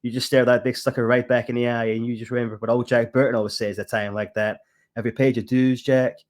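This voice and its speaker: A Scottish man voicing a brash American trucker talking over the radio, in a swaggering and deliberately rough put-on accent. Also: mid-range voice, level tone, natural voice. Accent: Scottish attempting American. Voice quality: swaggering, self-admittedly bad put-on accent.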